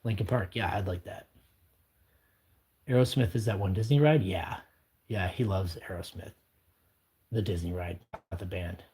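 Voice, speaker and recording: Streamer host, male, deep husky voice, loose rambling chat while drawing, reads comments aloud. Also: moderate pace, long pauses, mellow. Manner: reads viewer comments aloud and chats back.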